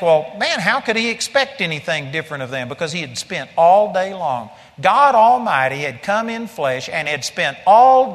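Male preacher, blunt forceful sermon, high voice, very lively intonation. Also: in a large hall.

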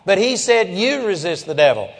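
A man with a high-pitched voice preaching a sermon. He hammers his points with emphatic declarations, then drops into low, intense passages. His voice carries a long hall reverb. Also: big pitch swings, moderate pace.

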